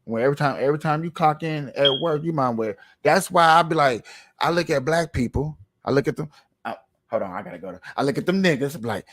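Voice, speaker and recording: Animated, rambling man commenting on clips. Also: on the high side, fast. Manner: animated, repetitive, rambling rants; talks to viewers while playing a clip. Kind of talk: casual commentary.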